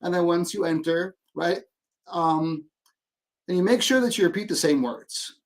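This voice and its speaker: Animated man tagging talk with "right?". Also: a little high, moderate pace. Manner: animated, peppers sentences with "right?". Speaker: educator guest. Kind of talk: casual interview talk. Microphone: video call.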